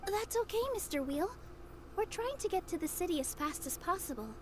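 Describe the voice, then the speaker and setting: Paimon, a squeaky fairy sidekick. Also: female voice, fairly quick. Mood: cheery. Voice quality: squeaky, childlike. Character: tiny chirpy female fairy companion, excitable. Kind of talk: video game voice acting. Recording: game audio under steady ambience.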